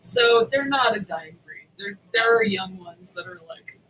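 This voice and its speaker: A woman's voice: medium pitch, expressive, measured pace, bright, forceful tone, recorded from a distance, slight background noise, low-quality recording. A woman co-hosting a casual podcast chat, with wry, teasing asides.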